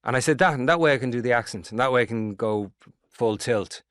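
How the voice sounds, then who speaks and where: A middle-aged Irish actor in a casual interview, telling long rambling stories with lots of swearing. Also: male voice, mid-range voice, fast talker, dry recording, studio quality. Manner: rambling, animated storytelling with swearing. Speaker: actor guest.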